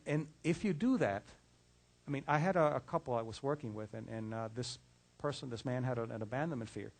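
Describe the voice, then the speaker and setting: A man's voice: medium pitch, a little fast, gravelly. A middle-aged man giving a conversational lecture on relationships, often repeating words and restarting phrases as he tells case stories. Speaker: lecturer on mind-body health.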